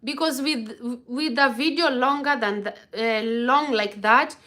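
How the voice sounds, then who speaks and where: A woman's voice: fairly high pitch, unhurried, pushed and bright. A young woman hosting a casual live stream from her phone, greeting and thanking viewers by name with an effusive manner. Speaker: vlog host doing a live stream. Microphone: phone camera.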